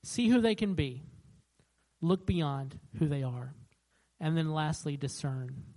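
A pastor with a medium-pitched voice preaches slowly, captured on a low-quality recording. The sermon is conversational and animated, with frequent restarts and the voices of people in his stories acted out.

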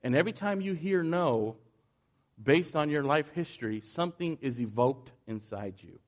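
A man teaching from scripture. He reads the passages quietly and evenly, then explains them with earnest emphasis. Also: on the high side. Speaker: Bible teacher.

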